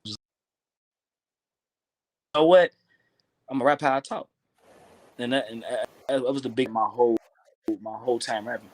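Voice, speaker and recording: A man's voice: medium pitch, normal speed, long pauses, dry recording. A man in his thirties with a Kentucky Southern accent, a rapper telling stories in a casual interview, laid-back and full of slang. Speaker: rapper guest.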